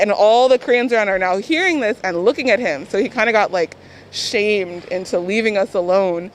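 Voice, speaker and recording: A woman's voice: mid-range voice, a little fast. A woman tells a story with energy and animation, answering questions in a street interview. Faint traffic noise hums behind her.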